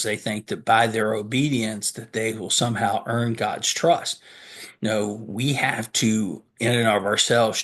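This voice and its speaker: A pastor with a low-leaning voice, fairly bright in tone with a breathy edge, delivers an earnest sermon. He reads scripture aloud, stops to explain it, and raises questions that he then answers.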